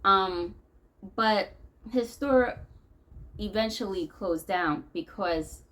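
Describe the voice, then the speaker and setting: A woman's voice: mid-range voice, slow pace, a bit bright, poor audio. A woman from the United States venting to camera in a rambling, conversational monologue as a vlogger.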